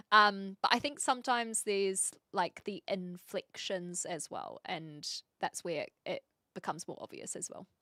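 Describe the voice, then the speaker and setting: A woman's voice: mid-range voice, bright, forceful tone, no room sound, studio quality. A woman from New Zealand with a rounded New Zealand accent, chatting casually on a live stream as she reacts to videos, curious and laughing often, with casual swearing.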